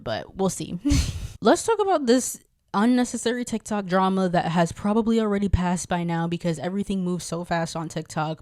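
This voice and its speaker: Brief: woman podcast host, slightly low voice, playful and chatty, dry close sound. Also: a little mellow, no room sound. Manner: chatty, playful, talks to herself and answers. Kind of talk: casual podcast chat.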